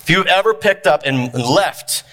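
Bright-voiced man preaching a sermon. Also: fairly high pitch, animated. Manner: preaching with dramatic pauses and repeated phrases. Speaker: pastor. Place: church.

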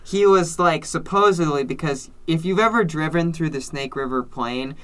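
A man with a bright, forward voice, chatting casually as a co-host. He explains at length, dropping wry asides and little jokes as he goes. Plain conversational delivery. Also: on the high side, normal speed, smooth. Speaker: podcast co-host. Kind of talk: casual chat. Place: based in Salt Lake City.

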